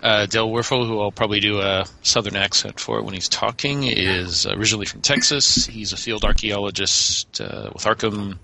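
A man's voice: fairly low pitch, steady tone, moderate pace, few pauses, pushed and bright, low-quality recording. A man playing a tabletop game who talks casually and jumps in eagerly. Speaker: player. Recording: clear background hiss.

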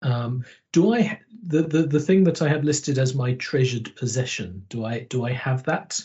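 A man's voice: medium pitch, normal speed, darkish tone, lo-fi sound. A man playing a tabletop game, describing his character hesitantly and thinking aloud. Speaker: player. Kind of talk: casual tabletop game chat.

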